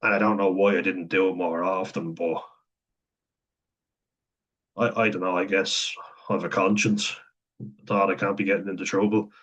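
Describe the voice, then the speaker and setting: A man's voice: sits low, fairly even intonation, a little slow, pauses often, fairly bright tone, breathy edge. A young man in a candid, profane personal monologue, talking frankly and conversationally. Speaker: vlogger. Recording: dull lo-fi sound.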